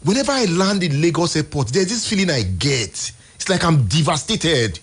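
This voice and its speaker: A Nigerian man hosting a radio show, giving emphatic, exasperated commentary in a husky voice. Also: a little high, sing-song, moderate pace. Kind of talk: impassioned on-air commentary. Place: radio studio.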